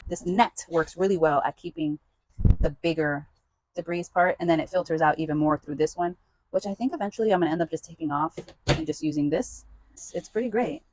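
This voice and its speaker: A woman's voice: low voice, fairly quick, a little mellow, no room sound, rough recording. Exasperated woman vlogging outdoors. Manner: dramatic, exasperated, talking to herself. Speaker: plant vlogger. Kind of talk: casual vlog talk to camera. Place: outdoors by a rain barrel.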